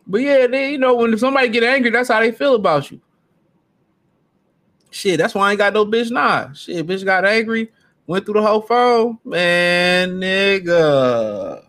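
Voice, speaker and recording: A man's voice: high voice, lively intonation, moderate pace, fairly bright tone. Brash, profane male podcast host. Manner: brash, profane, boastful trash talk. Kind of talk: casual solo podcast rant.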